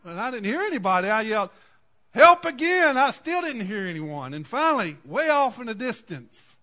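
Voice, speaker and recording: Male preacher, 40s, slightly high voice, folksy sermon storyteller. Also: sing-song, brisk. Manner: folksy storytelling, swings from quiet asides to loud cries. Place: church.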